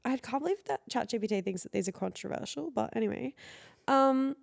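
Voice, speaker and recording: Podcast co-host: woman in her twenties, heavy vocal fry, filler-heavy casual chat. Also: a little high, brisk. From Australia. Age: 20s.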